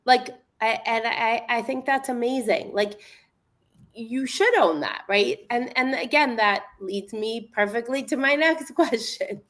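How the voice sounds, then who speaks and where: A woman's voice: on the high side, a little slow, a bit bright. A woman hosting an interview, speaking in an enthusiastic, encouraging way. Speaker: host. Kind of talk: conversational interview.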